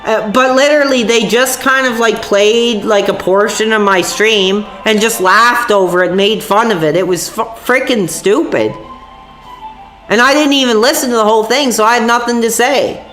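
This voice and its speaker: A woman's voice: a little high, moderate pace, fairly bright tone. A woman streamer, sick with a sore voice, ranting angrily and profanely to her chat. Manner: angry, profane, rambling. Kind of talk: livestream rant to chat. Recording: echoey room with faint music.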